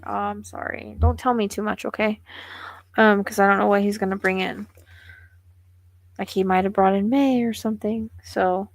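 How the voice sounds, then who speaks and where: A woman's voice: mid-range voice, steady tone, normal speed, gravelly, no echo. Woman psychic musing aloud, dry sound. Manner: musing, tentative, thinks aloud. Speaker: psychic medium. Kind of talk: live reading stream.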